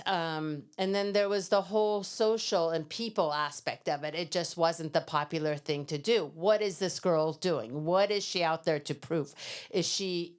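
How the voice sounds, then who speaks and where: A middle-aged woman from Iran, a guest in an interview, telling lively stories and acting out quoted voices with laughter. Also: on the low side. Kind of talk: storytelling interview.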